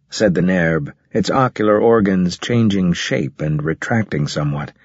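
Male audiobook narrator, husky, low, measured. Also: no room sound. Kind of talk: scripted first-person narration. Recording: dull, muffled audio.

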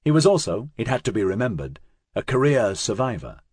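A man reading a science-fiction audiobook in a measured, dramatic narration. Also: mid-range voice, big pitch swings, a little mellow, breathy edge, no room sound, clean studio sound.

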